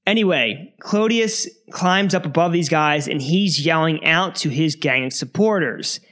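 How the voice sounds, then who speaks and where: Male podcast host, casual history narration, amused and animated, slightly higher voice. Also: measured pace. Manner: animated, laughs often, amused storytelling.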